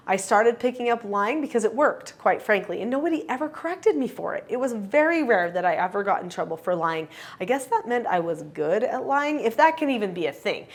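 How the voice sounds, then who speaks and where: Middle-aged woman coaching parents, calm and earnest, medium pitch, talks to camera. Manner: calm, earnest, acts out parent and child lines. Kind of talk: instructional talk to camera.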